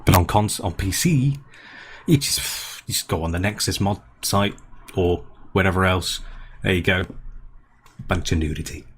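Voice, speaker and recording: A man's voice: low voice, moderate pace, a little hiss or hum. A man co-hosting a gaming podcast in casual chat, rambling and restarting his sentences. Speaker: podcast co-host.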